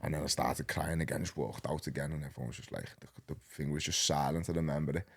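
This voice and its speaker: A man in his thirties with a Liverpool accent, a podcast guest telling his story in a rambling, animated, slang-heavy way. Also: a bass voice, fast talker, vocal fry, husky. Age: 30s. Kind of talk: casual storytelling.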